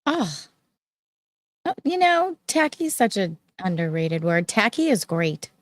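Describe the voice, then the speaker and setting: A woman co-hosting a podcast in casual banter, teasing with quick comebacks. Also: medium pitch, big pitch swings, dry recording. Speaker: podcast co-host.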